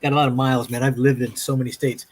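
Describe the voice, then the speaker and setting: Husky middle-aged man chatting. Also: medium pitch, racing. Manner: relaxed, rambling, storytelling. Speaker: livestream host, artist. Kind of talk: casual chat.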